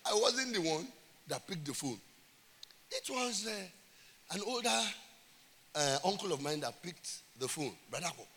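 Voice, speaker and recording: Male pastor, high bright voice, emphatic sermon with call-and-response, reverberant church hall. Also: very animated, a little slow, pauses often.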